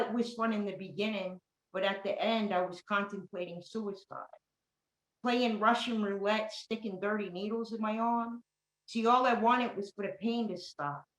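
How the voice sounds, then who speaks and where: A woman with a New York accent performing an earnest, rhythmic spoken word poem about recovery. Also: medium pitch. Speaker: poet in recovery. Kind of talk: spoken word poetry reading. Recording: roomy echo.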